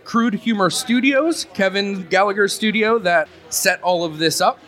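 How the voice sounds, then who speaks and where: A man with a high, bright voice who hosts a live podcast show. He thanks sponsors and then narrates the opening scene as game master. His delivery is upbeat and friendly. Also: unhurried.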